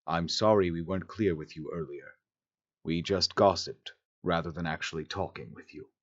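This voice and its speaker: A man voicing a polite, soft-spoken male alien who talks in a conciliatory, apologetic way with a deep rumbling voice. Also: moderate pace, dull audio. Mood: regretful.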